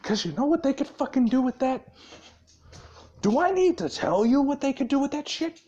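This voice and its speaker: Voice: high voice, animated, normal speed, mellow, muffled recording, voice pushed up. A storyteller voicing a short-tempered alien overlord who curses and fires off outraged questions. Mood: furious.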